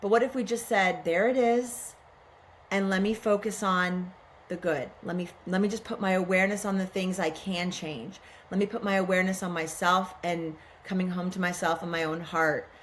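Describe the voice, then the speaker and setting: A woman's voice: lowish voice, steady tone, normal speed, a little hiss or hum. A middle-aged woman guest on a podcast, talking in an earnest, musing way and often asking herself questions aloud. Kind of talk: reflective spiritual conversation.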